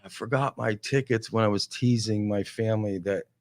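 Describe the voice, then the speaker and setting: A man telling a casual, animated comic story on a talk show, full of exasperation. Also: fairly low pitch, normal speed.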